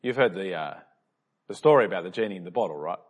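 Casting: an Aussie pastor, husky, storytelling sermon. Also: male voice, sits low, expressive, fast talker, highs cut off. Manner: conversational storyteller with a joking aside.

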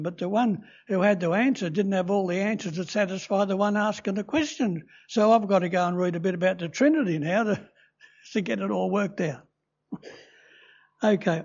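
Older man, preaching, chatty storyteller, high husky voice, dull lo-fi recording. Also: darkish tone. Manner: chatty, self-amused storytelling. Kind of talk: sermon.

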